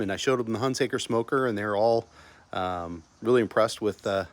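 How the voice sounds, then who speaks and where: Middle-aged man from Texas, vlog host at home, low-ish voice, loose and rambling. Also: fairly quick. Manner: rambling, restarts often, many fillers. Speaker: channel host. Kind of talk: casual barbecue vlog talk.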